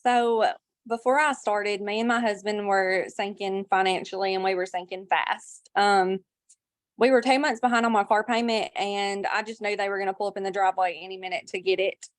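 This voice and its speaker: A woman shares her personal story on a video call, earnest and heartfelt, with her voice close to tears. She sits at a middle pitch. The sound is dry and close, with no room echo. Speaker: guest sharing a testimonial.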